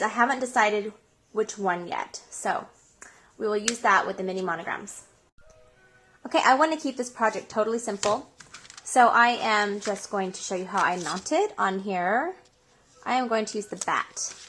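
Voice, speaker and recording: A woman's voice: a little high, fairly bright tone, slight background noise. A woman hosting a craft tutorial, explaining each step as she goes. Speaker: craft show host.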